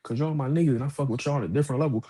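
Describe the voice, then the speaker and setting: A man, co-hosting a casual boxing talk show, telling animated stories, acting out other people's voices and cursing freely. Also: mid-range voice, very fast, breathy edge. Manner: animated storytelling, puts on voices of others, profane. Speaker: co-host of a boxing podcast. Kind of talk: casual chat.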